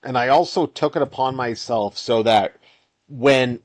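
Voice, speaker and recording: A solo game developer talks casually over gameplay at a measured pace, his voice medium in pitch. He rambles, often restarting sentences and sighing.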